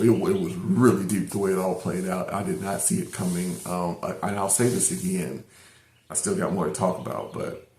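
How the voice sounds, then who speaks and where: A man's voice: low-pitched, gravelly, darkish tone. A middle-aged man casually reviewing an episode, retelling the plot in a rambling way with many fillers and restarts. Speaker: anime reviewer. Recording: roomy echo.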